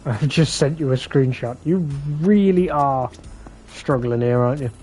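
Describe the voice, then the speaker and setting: A man's voice: medium pitch, unhurried, mellow. A man doing casual live commentary over a game, bickering and swearing with his chat. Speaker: game streamer. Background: game music.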